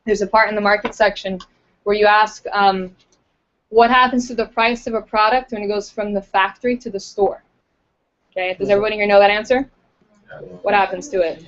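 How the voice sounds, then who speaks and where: Woman, recruiter coaching a group, casual and chatty, lots of fillers, acts out interview lines, mid-pitched voice, muffled lo-fi sound. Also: fairly even intonation, moderate pace, a little hiss or hum. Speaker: recruiter giving training. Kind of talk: casual training talk to a group. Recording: dull lo-fi recording.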